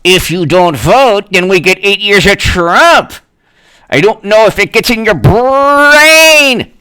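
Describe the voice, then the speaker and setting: Man putting on a shrill accusing partisan voter. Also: sing-song, slow pace, sharp tone, smooth, exaggerated voice. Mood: hectoring. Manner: accusing, hectoring, high-pitched.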